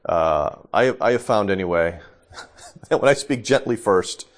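A man's voice: lowish voice, expressive, measured pace. A middle-aged man teaching a Bible lesson in a loose, conversational way, often checking in with "okay?" and laughing, a little congested from allergies. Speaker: pastor.

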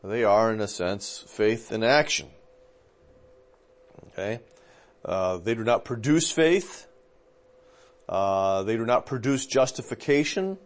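Low-voiced man preaching in a chatty way. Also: expressive, slow pace, pauses often. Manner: chatty, many fillers, checks in with "okay?". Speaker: pastor teaching a class. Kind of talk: conversational teaching.

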